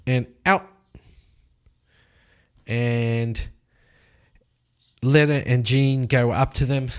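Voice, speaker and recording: A man narrating his solo tabletop role-playing game, telling the fight with lively sound effects. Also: medium pitch. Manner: animated storytelling with sound effects.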